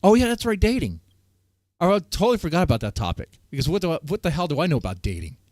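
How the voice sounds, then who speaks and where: A man's voice: a little high, big pitch swings, fast, darkish tone, no echo, studio quality. A man hosting a casual stream chat, joking crudely and rambling with fillers. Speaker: host.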